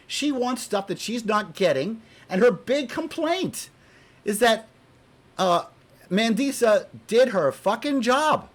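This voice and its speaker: A man giving a heated, profane opinion rant to camera. He is exasperated, repeats himself when worked up, and swings between loud outbursts and muttered asides. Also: extremely high pitch, expressive, slow. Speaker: video blogger.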